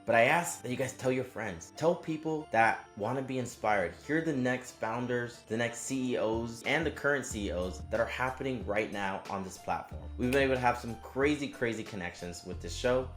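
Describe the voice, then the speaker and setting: A man's voice: fairly bright tone, roomy sound. Hyped young male podcast host. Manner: hyped, repetitive, upbeat pitch. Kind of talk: energetic show intro and casual interview.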